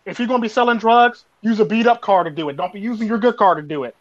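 Fast slangy man, muffled audio. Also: sits high. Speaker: show host. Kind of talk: casual panel chat. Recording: dull lo-fi audio.

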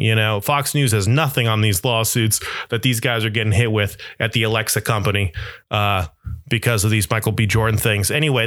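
A man's voice: medium pitch, fairly bright tone, dry recording, studio quality. A young man in a casual comedic monologue, rambling and self-deprecating as he riffs into absurd bits.

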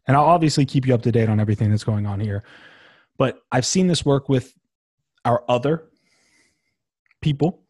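A young man hosting his own podcast, talking casually and emphatically with a slangy, animated delivery. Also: medium pitch, dry recording, studio quality. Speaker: podcast host. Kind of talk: casual solo podcast talk.

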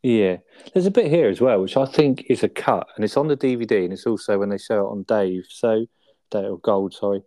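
A man's voice: lowish voice, brisk, mellow, no room sound. A man chatting casually on a podcast, laughing as he retells sitcom scenes and tagging on questions. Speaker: podcast co-host. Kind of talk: casual chat reviewing a sitcom episode.

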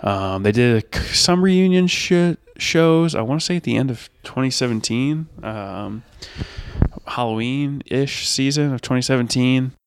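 A man's voice: medium pitch, expressive, a little slow, clean tone. A man hosting his own podcast, talking alone about bands he loves in a rambling, enthusiastic way with many fillers. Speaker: podcast host. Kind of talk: solo podcast music review.

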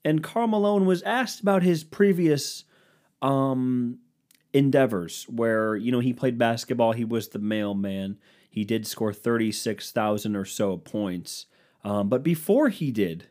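A man's voice: mid-range voice, measured pace, a little mellow. A young man hosting a solo podcast, ranting sarcastically and crudely in a rambling way. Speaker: podcast host. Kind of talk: solo comedic rant.

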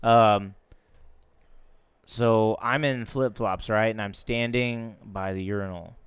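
A man telling a story in a casual chat, animated and laughing as he talks. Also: fairly low pitch, takes it slowly, clear, resonant tone, no echo.

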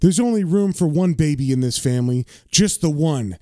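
A man reading the lines of a deranged male police officer yelling at his family. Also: a little high, animated, normal speed, no room sound, studio quality, lightly acted. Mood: menacing. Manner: yelling, taunting.

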